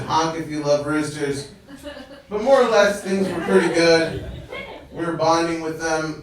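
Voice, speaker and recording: A man telling a comic personal story on stage, chatty and laughing at his own jokes. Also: a little high. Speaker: stand-up comedian. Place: live venue with audience. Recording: echoey room, distant mic, crowd laughter.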